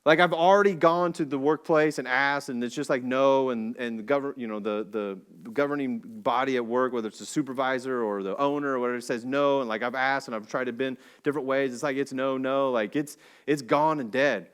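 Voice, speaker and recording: A man preaching a sermon in a church, telling a story in a casual, animated way with slang and jokey asides. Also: mid-range voice, brisk, hardly any pauses, smooth. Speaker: pastor. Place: church sanctuary.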